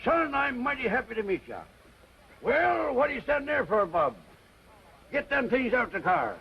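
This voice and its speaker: An actor playing a loud, brash older grandfather from the West with a folksy drawl and cackling laughs, in 1940s film acting. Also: very high-pitched, big pitch swings, moderate pace, gravelly, slightly rough, exaggerated voice. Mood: boisterous. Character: loud brash old western grandpa, rowdy. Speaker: boisterous grandfather visiting family. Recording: muffled old film soundtrack with hiss.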